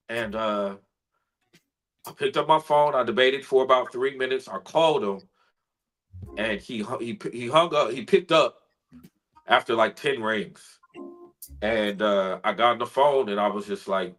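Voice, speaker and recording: A man who is a spoken word artist, a guest in an interview, telling a personal story in an earnest, heartfelt way that grows quiet when he is moved. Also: medium pitch, moderate pace, rough recording.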